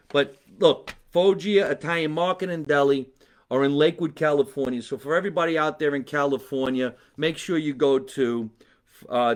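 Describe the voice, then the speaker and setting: A man from New Jersey with a New Jersey accent, a comedian hosting a live podcast, talking casually with sponsor plugs, animated, profane and fond of repeating phrases. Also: a little high. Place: his mother's basement.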